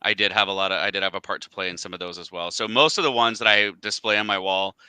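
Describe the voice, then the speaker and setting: A man talking over a video call in a relaxed, chatty way, laughing easily as he goes. His voice is very bright and crisp, and the sound is dry and close. He sits a touch low in pitch. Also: fast talker, dry recording. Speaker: guest, scarf company representative. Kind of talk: casual video call chat.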